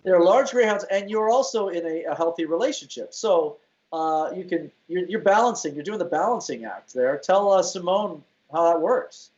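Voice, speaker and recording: A man hosting a comedy talk show, playful and quick to laugh, often restarting his sentences. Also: sits high, animated, darkish tone, highs cut off. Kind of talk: casual comedic chat.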